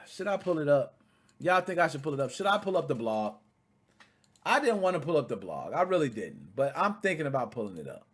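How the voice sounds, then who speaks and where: A man in his thirties hosting casual commentary, talking straight to his viewers in a blunt, profane, animated way. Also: fairly high pitch, fairly quick, breathy edge. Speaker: commentary channel host.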